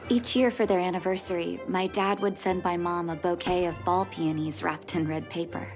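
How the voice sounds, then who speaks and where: A woman's voice: lowish voice, steady tone, moderate pace, close to an everyday voice. An actress voicing an earnest, caring young woman who is a doctor in a video game. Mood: cheerful. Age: young adult. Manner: earnest and heartfelt. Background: game soundtrack music.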